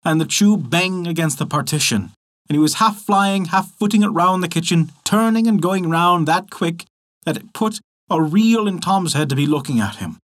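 A man narrating a folk tale in an expressive storytelling manner. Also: fairly high pitch, moderate pace.

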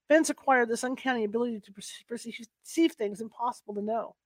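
A woman with a fairly high voice reads a first-person novel aloud. She keeps a soft, unhurried pace and sometimes stumbles and restarts a word. The sound is close and dry. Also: no room sound. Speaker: book reader.

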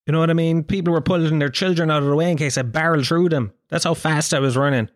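A man in his thirties with an Irish accent, a comedian telling a story in casual chat, animated and swearing freely. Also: on the high side, fast, no echo, clean studio sound. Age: 30s. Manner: animated, swearing, acts out quoted voices.

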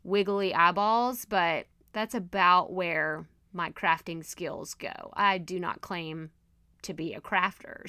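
A woman hosting her own podcast, teaching in a chatty, animated, self-deprecating way, with her voice strained and going hoarse. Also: fairly low pitch, dry recording, clean studio sound. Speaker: podcast host and coach. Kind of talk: casual solo podcast teaching.

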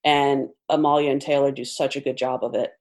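Deep-voiced lady podcaster, slow thoughtful talk. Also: flat delivery, darkish tone. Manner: measured, thoughtful, speaks slowly. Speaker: podcast co-host. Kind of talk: casual podcast chat.

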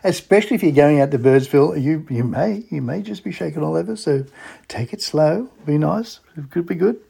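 A man's voice: fairly high pitch, animated, a little fast, creaky, dark tone, breathy edge. An Australian man hosting a chatty travel radio show, enthusiastic and fond of rhetorical questions. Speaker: radio host.

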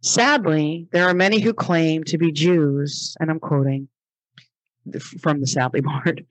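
A woman's voice: deep voice, a little slow. A woman hosting a religious commentary podcast, reading passages aloud and rebutting them in an emphatic, exasperated way, repeating phrases for stress. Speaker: podcast host.

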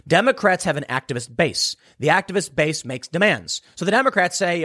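A man's voice: fairly high pitch, animated, brisk, few pauses, bright, forceful tone. A man delivering a sarcastic political commentary monologue, emphatic and mocking his opponents.

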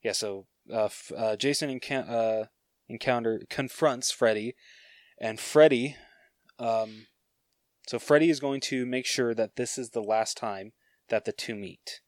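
A man of middle pitch hosting a podcast, walking through a story idea in a relaxed chat. He stops often on "uh" and "so" as he searches for words. The recording is dry and close. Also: unhurried, no room sound. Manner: storytelling, hesitant with fillers. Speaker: podcast host. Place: podcast studio.

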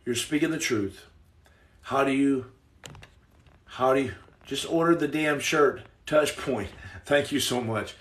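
A man hosting a casual livestream, reading viewer comments, joking loudly in slang and turning soft and earnest. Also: medium pitch, measured pace, pauses often, echoey room, recorded from a distance. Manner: boisterous, jokey, slangy, swings to soft earnest. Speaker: livestream host.

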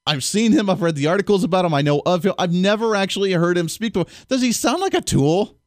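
A man's voice: sits high, animated, fast, no room sound, clean studio sound. A man hosting a political talk radio show in a casual, sarcastic way, laughing at his own jokes.

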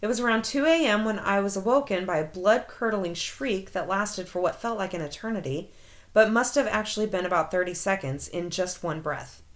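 A woman's voice: medium pitch, fairly quick. A woman co-hosting a casual chat, telling stories and reacting with frequent exclamations. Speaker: podcast co-host.

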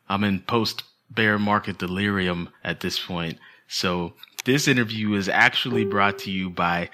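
Bright-voiced joking podcast co-host man. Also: low voice. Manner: playful, jokey, trails off into asides. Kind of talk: joking casual chat.

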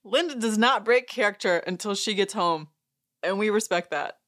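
This woman's voice is mid-range and a bit bright, at normal speed, as she hosts a podcast. She recaps a show in a relaxed way, amused and chatty, laughing and acting out others' lines.

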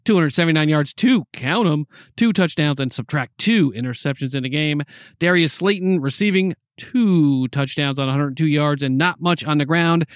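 A man's voice: on the high side, no room sound. A man with a somewhat raised voice runs through a game recap like a fan at a mic, stressing every stat with emphatic asides. The sound is close and dry, with no room around it. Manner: rapid stat rundown, emphatic "count 'em". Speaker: sports podcast co-host. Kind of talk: casual sports chat.

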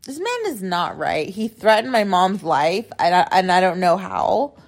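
A woman's voice: medium pitch, big pitch swings, measured pace, vocal fry. A woman hosting a podcast, telling a story in a casual, profane, indignant rant, with lots of filler words. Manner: heavy use of filler "like". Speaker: podcast host.

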